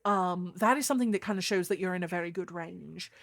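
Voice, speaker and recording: A young adult woman streamer chatting casually with her viewers, swearing freely, with a deeper voice than most women. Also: fast talker, creaky. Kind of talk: casual live-stream chat.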